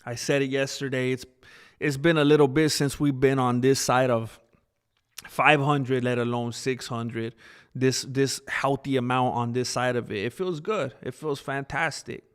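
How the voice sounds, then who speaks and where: A man live-streaming in a loose, rambling way, talking straight to his chat. He laughs easily and drifts from one thought to the next, with a voice that sits in an ordinary middle pitch. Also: steady tone, a little slow, smooth.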